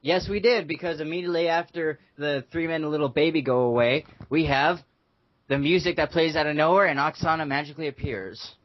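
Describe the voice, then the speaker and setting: A man's voice: fairly high pitch, a little fast. Wisecracking man recapping on a podcast. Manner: joking recap of storylines. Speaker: podcast co-host. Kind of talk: casual chat. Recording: dull, dry lo-fi audio.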